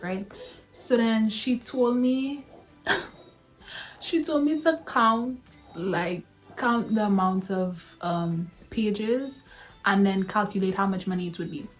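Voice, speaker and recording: A young woman talks straight to her viewers in a relaxed storytime, calling them y'all and laughing between lines. Her voice sits at a medium pitch. Soft music plays faintly behind her. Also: slow pace. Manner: chatty, addresses viewers as y'all, laughs often. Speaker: vlogger. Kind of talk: casual storytime vlog.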